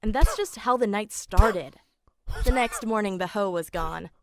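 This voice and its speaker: A woman's voice: medium pitch, unhurried, slight background noise, natural voice. A woman voicing an eighteen-year-old girl narrating her own story in an animation, in a plain, matter-of-fact way, as scripted first-person narration. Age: young adult.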